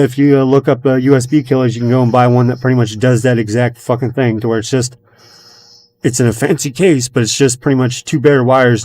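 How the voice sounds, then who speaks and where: A man's voice: mid-range voice, a little mellow. A man in casual podcast chat, telling a long story in a rambling way, swearing constantly and acting out what people said. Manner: retells his own and others' words as quoted dialogue. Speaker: podcast host.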